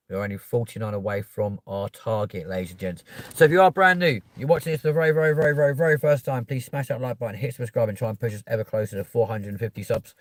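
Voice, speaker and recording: A young man with a London accent hosting a live stream, chatting casually and cheekily with viewers and bursting into loud pleas to subscribe. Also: medium pitch, no echo. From England. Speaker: livestream host. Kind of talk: casual live chat reading comments.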